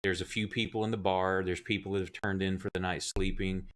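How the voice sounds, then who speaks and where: A man's voice: low-pitched, level tone, brisk, a bit bright. A man narrating as game master, telling the scene loosely with plenty of swearing and fillers. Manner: loose, profane storytelling with fillers.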